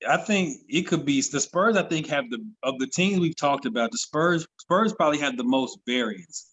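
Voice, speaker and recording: A man co-hosting a sports podcast, giving measured, hedged predictions. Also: a little high, expressive, fairly bright tone, lo-fi sound. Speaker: podcast co-host. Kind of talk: casual sports chat.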